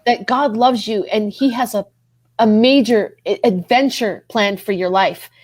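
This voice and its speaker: Her pitch sits in the middle, her delivery unhurried and slightly mellow. As a guest on a podcast, she earnestly recounts her own journey of faith, circling back over her words and rising in pitch whenever emotion takes hold.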